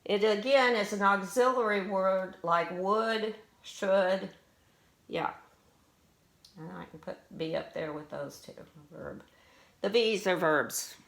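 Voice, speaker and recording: A middle-aged woman teaching a spelling lesson to students. She speaks slowly and patiently at a medium pitch, defining each word and asking questions as she goes. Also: fairly bright tone. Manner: slow, patient, explains and asks questions.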